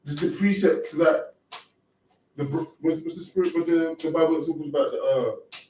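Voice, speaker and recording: A man's voice: a little high, steady tone, moderate pace, warm tone. Distant, hesitant man in an echoey room. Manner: hesitant, searching for words. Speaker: class participant. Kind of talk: casual discussion. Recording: distant, roomy recording with faint hum.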